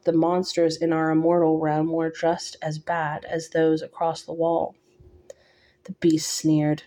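A woman reading a novel aloud in first person, measured and slightly halting. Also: low voice, completely flat delivery, dark tone. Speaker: audiobook reader.

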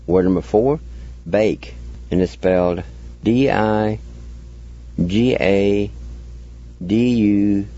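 Brief: male radio language teacher, low and mellow voice, slow patient drills, dull lo-fi sound. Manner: patient, spells letter by letter and repeats words. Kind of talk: slow spelling and pronunciation lesson.

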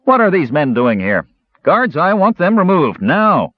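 Man doing a shrill panicky lord, way up high, loud, muffled dry audio. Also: very animated, a little slow, no room sound. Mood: agitated. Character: shrill, agitated male lord, commanding and fearful. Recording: slightly muffled dry recording.

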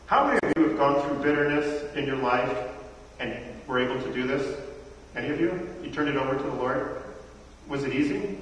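A man's voice: mid-range voice, fairly quick, a little hiss or hum. Middle-aged male preacher, chatty sermon, asks the crowd questions, distant mic in a reverberant hall. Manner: conversational preaching, quizzes the congregation. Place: church hall. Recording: echoey hall from far off.

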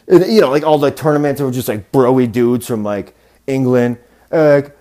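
A man's voice: mid-range voice, normal speed, dark tone. A man hosting a podcast, telling rambling, profane stories in a casual monologue and acting out the voices of people he quotes. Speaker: podcast host.

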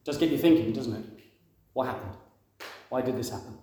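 A man's voice: medium pitch, fairly quick, mellow, a little hiss or hum. A man preaching a conversational sermon, asking the congregation questions and acting out quoted voices. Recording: very echoey room.

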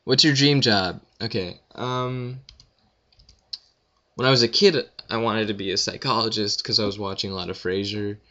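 A young man rambling through listener questions in a casual audio Q&A, with deadpan self-deprecating jokes. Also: on the low side, moderate pace, lo-fi sound. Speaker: vlogger answering questions.

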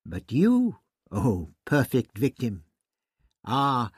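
A man reading an audiobook voices a scheming, sneering high priest with a husky, dry, drawn-out delivery. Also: huge pitch swings, dry recording, heavily acted. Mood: grandiose. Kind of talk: audiobook character voice.

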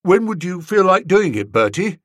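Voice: medium pitch, very animated, normal speed. A storybook reader voicing an eager, earnest young man, a mild-mannered curate.

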